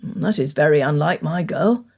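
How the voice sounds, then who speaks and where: A woman reading an audiobook, voicing a stern older male country gentleman with dry, cutting wit and measured speech. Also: on the high side, gravelly, voice pushed down. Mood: wry.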